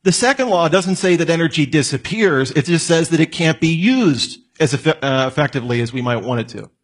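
A man's voice: on the high side, animated, brisk, husky. A man giving a conversational lecture, asking his listeners questions and adding joking asides. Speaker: apologetics teacher. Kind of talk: lecture on evidence.

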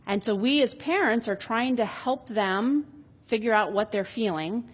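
A woman's voice: on the high side, unhurried, breathy edge. A woman in her thirties in a casual talk about parenting, reading out example conversations in a chatty, reflective way.

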